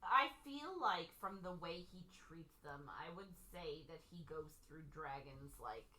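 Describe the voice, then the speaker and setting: Female podcast co-host, slightly low voice, quick casual reactions. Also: animated, sharp tone, a little hiss or hum, rough recording. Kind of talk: casual book chat.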